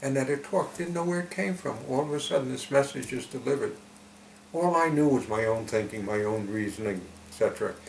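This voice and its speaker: A man giving a reflective spiritual talk, telling it slowly and deliberately with emphatic swells. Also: mid-range voice, gravelly. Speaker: spiritual teacher. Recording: echoey room with faint noise.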